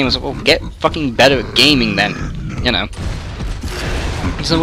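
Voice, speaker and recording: A man's voice: mid-range voice, fairly quick, noisy background. A young Englishman ranting on his gaming channel, rambling and sweary, full of filler words and trailing asides. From England. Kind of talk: ranting monologue.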